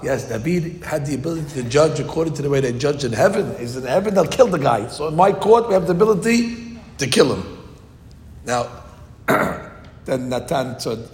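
A man's voice: lively intonation, normal speed, a little mellow. A man teaching a Torah class, retelling a story animatedly and acting out the quotes in voices. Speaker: rabbi. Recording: echoey hall with faint rumble.

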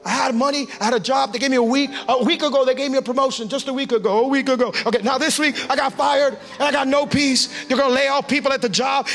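A male pastor preaching a lively sermon, acting out everyday scenes and calling on the congregation to respond. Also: very high voice, quick pace, gravelly, few pauses, soft background music. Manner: animated, acts out everyday scenes and voices; calls for audience response.

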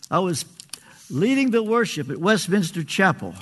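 Older man preaching earnestly, high voice. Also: a bit bright. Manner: earnest pleading, drawn-out emphatic phrases. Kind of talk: sermon.

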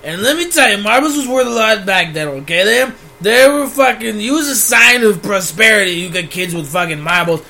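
A swearing, grumbling old geezer rants about the old days and modern prices, as a man puts him on. His voice sits high and bright, and he rambles on with one complaint after another. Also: expressive, brisk, vocal fry, few pauses, exaggerated voice. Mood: grumpy.

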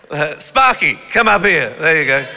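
Male pastor, unhurried, very bright tone; teasing crowd work that builds into strong sermon delivery. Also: on the high side, creaky, slight background noise. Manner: playful and teasing, then rising to forceful preaching. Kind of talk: sermon with audience participation. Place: church hall. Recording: echoey hall reverb.

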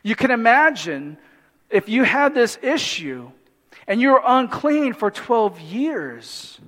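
A man preaching a sermon in an animated way, with humorous asides and acted-out voices from the story. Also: high-pitched. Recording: long hall reverb.

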